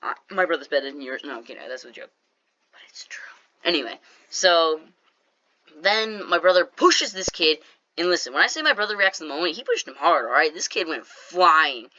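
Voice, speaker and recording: A mid-range-voiced YouTuber narrates a laid-back story while gaming, joking with plenty of energy and slipping in brief remarks to his audience. The sound quality is lo-fi.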